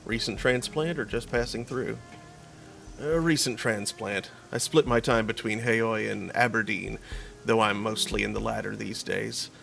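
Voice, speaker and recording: A man's voice: lowish voice, fairly even intonation, unhurried, vocal fry, a bit bright, full character voice. A man voicing a suave, self-assured male drug dealer in a game. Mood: candid. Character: smug smooth-talking male drug dealer.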